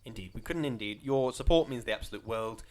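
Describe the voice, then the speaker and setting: A man's voice: medium pitch, a little mellow. A man co-hosting a casual podcast chat, enthusiastic and chatty. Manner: enthusiastic, fast, bouncy intonation. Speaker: podcast co-host.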